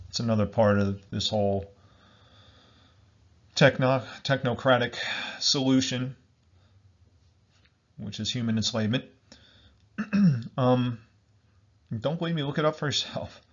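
Emphatic man on a dull recording. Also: medium pitch. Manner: emphatic, repetitive, addresses listeners as folks. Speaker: commentator. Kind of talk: political monologue.

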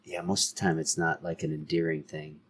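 A man co-hosting a podcast in casual chat, excitable and full of questions. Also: extremely low pitch, a little fast, slightly rough. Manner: excitable, asks questions, loud laughs. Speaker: podcast co-host.

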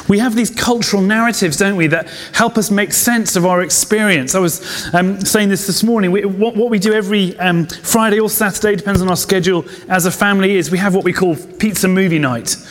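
A pastor in his thirties with a high-pitched voice, preaching in a loose, chatty way. He breaks into asides and quick laughs, and the hall around him adds a long reverb tail. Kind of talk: conversational sermon.

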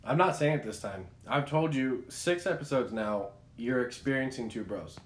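Brief: young male podcast co-host, rambling storyteller, lots of restarts, animated. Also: mid-range voice, normal speed. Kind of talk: casual chat.

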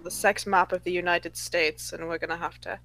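A woman's voice: fairly low pitch, little pitch movement, brisk, a bit bright, no echo, poor audio. A woman co-hosting a casual podcast who makes dry, wry remarks. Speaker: podcast co-host.

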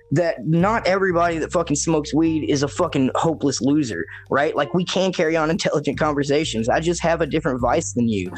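Laid-back man telling a story. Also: fairly high pitch. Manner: laid-back, profane storytelling with frequent "right?". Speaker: podcast co-host. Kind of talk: casual chat.

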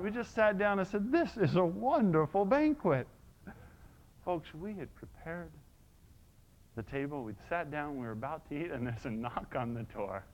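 A male preacher with a high, very lively voice delivers a sermon. He moves between hushed, intimate stretches and loud shouted praise. The recording sounds dull and lo-fi. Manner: animated, swings from soft to shouting.

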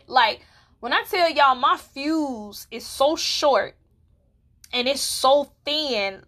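A woman's voice: sits high, lively intonation, takes it slowly, a bit bright. A woman in her twenties hosting a solo podcast, talking candidly and bluntly, often checking in with her listeners. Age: 20s. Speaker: podcast host. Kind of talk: casual solo podcast talk.

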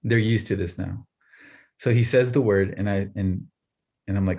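Lively dad telling a story. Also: male voice, lowish voice, moderate pace, slightly rough. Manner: animated storyteller, laughs often. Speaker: podcast co-host. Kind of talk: casual chat.

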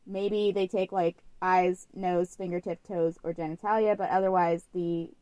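A woman's voice: on the low side, flat delivery, moderate pace, warm tone, clean tone, no echo. A young woman co-hosting a podcast, telling a story in a chatty, casual way full of "like" fillers. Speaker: podcast co-host.

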